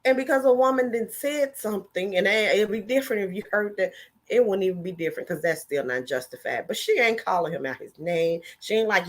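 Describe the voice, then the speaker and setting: A woman's voice: animated, brisk. Heated, sassy woman ranting. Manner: swings in pitch and volume, mocking voices. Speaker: commentary vlogger. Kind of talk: casual opinion vlog.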